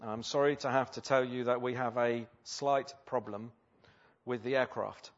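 A man voicing a calm male airline pilot making formal cabin announcements, on a slightly dull lo-fi recording. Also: mid-range voice, normal speed, natural voice. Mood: calm announcing.

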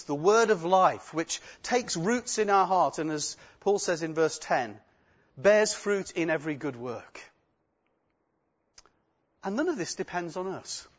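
A man delivering a sermon in a fairly high voice, moving between scripture reading and earnest storytelling. The recording sounds dull and lo-fi. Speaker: preacher.

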